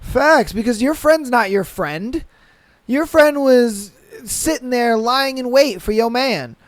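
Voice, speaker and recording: A male podcast host talks slowly and deliberately, reacting to read-out listener stories with blunt, profane disbelief. His voice sits at a middling pitch, recorded close on a podcast mic in a dry, dead room. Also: lively intonation, no echo.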